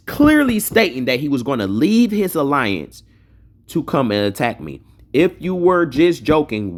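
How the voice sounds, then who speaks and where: A man streaming a game, ranting with mockery and profanity and repeating his points for emphasis. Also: mid-range voice. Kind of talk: heated rant over game messages.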